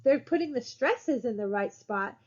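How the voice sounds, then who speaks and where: Higher-voiced woman giving a recorded lecture. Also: animated, normal speed, lo-fi sound. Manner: explanatory, repetitive, frequent fillers and restarts. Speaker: college instructor.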